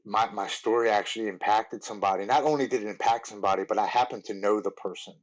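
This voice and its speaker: A man's voice: fairly low pitch, steady tone, fast talker, highs cut off. A man in his forties, a podcast guest earnestly telling his recovery story, with lots of "like" and restarts.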